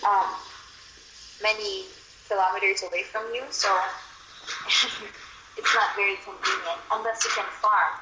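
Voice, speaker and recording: A woman's voice: mid-range voice, fairly even intonation, unhurried, long pauses, noisy background. A young woman from Manila with a Filipino accent, chatting in a loose way with many fillers. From Philippines, Manila. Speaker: conversation partner. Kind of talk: casual chat. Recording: roomy echo.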